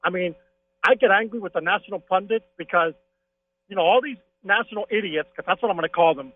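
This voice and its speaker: Excitable high-voiced man on a phone line. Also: fast talker, slight background noise. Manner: excitable, opinionated sports fan. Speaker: caller. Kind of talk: casual call-in chat.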